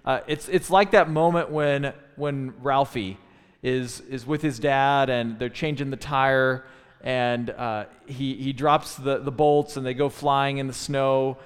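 A man's voice: mid-range voice, steady tone, slow pace, clear, resonant tone. Man preaching in a reverberant hall. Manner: thoughtful teaching tone with frequent restarts. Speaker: pastor. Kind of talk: sermon.

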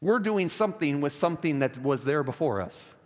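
A man's voice: fairly high pitch, expressive, fairly quick. A man preaching a sermon, emphatic and repeating key words for stress, with wry asides. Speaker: pastor. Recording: long hall reverb.

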